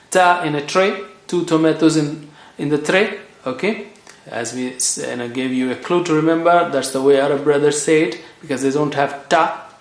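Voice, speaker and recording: A man from Asia, teaching Quran reading in a patient way and repeating each sound slowly for practice. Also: on the high side. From South Asia. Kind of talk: recorded language lesson. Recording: echoey room.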